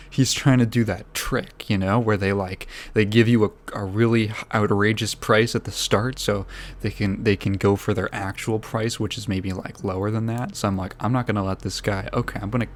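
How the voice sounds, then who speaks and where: A man's voice: lowish voice, fairly even intonation, normal speed. A man hosting a podcast, telling a story in a rambling, self-deprecating way, laughing often and swearing. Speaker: podcast host. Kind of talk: casual storytelling.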